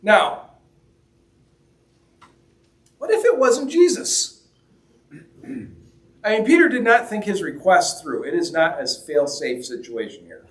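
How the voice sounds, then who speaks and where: High-voiced man preaching in an echoey hall. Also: animated, takes it slowly, pauses often, fairly bright tone. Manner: conversational, joking, acts out quoted lines. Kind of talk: sermon. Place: church hall. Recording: roomy echo, mic at a distance.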